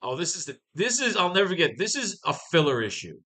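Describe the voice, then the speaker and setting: A man teaching a writing class, giving casual commentary on comics. He talks in a profane, wisecracking and excitable way. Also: high-pitched, quick pace.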